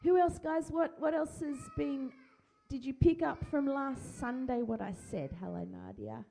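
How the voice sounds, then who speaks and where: A woman pastor, speaking gently and encouragingly, often repeating her phrases, during a church service and children's talk. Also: high-pitched, a little slow, gravelly, slight background noise. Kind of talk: worship prayer and children's talk. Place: church hall. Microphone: handheld microphone.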